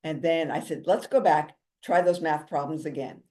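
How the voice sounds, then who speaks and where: A drum therapist and speaker delivers a motivational talk, chatty and full of jokes. Her voice is low-pitched, calming and soothing, and she speaks at a normal speed.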